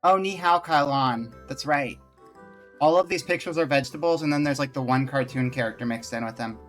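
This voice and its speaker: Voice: mid-range voice, steady tone, fairly quick, faint music behind. A game streamer chatting casually with viewers and reading game dialogue aloud during a live stream.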